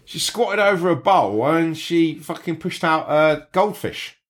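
A man's voice: a little high, lively intonation, measured pace. A man, a podcast host telling crude stories in casual banter with friends and putting on voices for the people in them. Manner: rowdy storytelling with quoted voices.

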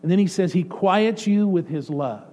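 A male pastor preaching a sermon, swinging between excited outbursts and soft, hushed passages. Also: sits high, moderate pace, lo-fi sound. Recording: faint mains hum. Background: faint electrical hum.

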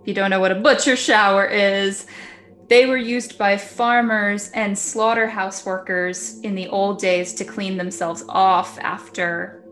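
Woman storyteller, casual podcast delivery, middle pitch, light noise floor. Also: fairly even intonation, measured pace, fairly bright tone. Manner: chatty, laughs often, acts out quotes.

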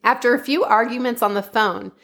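A woman's voice: on the high side, a little fast, gravelly, fairly bright tone. Chatty woman telling a true-crime story. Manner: chatty, laughs often, "like" fillers. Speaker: podcast host.

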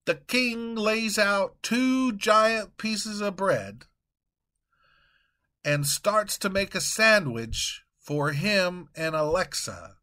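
Male podcast host, storytelling narration, slow, deliberate, high voice. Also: animated, sharp tone.

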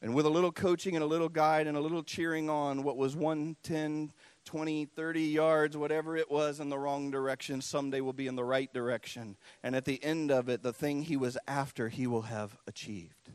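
A man's voice: a little high, little pitch movement, a little fast, hardly any pauses, clean tone, no echo. Impassioned preacher, man with a raised voice. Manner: impassioned, swinging between loud cries and hushed near-whispers. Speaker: pastor. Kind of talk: sermon.

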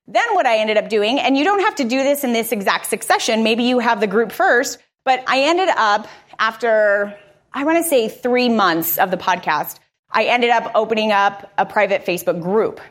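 Upbeat woman presenter, slightly high pitch, candid conversational delivery. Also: expressive, normal speed. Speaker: podcaster giving a conference presentation. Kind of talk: live conference talk.

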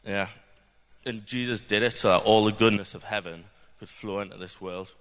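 A young UK man with a lowish, somewhat bright voice gives an earnest, rambling testimony at a church gathering, steady in tone and moderate in pace. The informal talk is full of fillers and carries long hall reverb.

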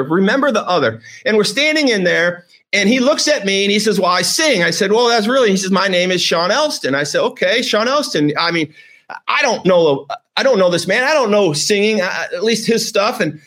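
A man's voice: sits high, fairly bright tone. A middle-aged man hosting a vlog, telling a personal story with emotion, rambling and repeating phrases for emphasis. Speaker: host.

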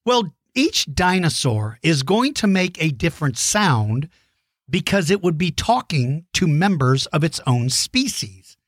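A man's voice: on the high side, very animated, unhurried, no echo, studio quality. A middle-aged man hosting a children's dinosaur show, enthusiastic and encouraging, explaining things simply. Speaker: host answering kids' dinosaur questions. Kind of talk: friendly kids' show chat.

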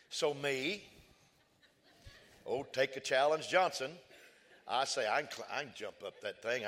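Animated preacher man in a reverberant hall. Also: medium pitch. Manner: animated storytelling preacher, repeats phrases for emphasis. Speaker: pastor. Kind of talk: sermon with personal story.

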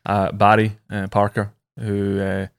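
A man's voice: on the low side, monotone, unhurried, gravelly, smooth, no room sound, clean studio sound. Chatty man hosting a podcast. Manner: chatty storyteller with fillers. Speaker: podcast host. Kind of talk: casual podcast chat.

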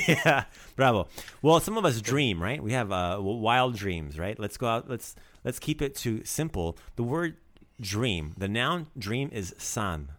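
A man's voice: mid-range voice, very animated, a little slow, fairly bright tone. A man hosting a casual language lesson, joking and coaching pronunciation. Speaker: language teacher host.

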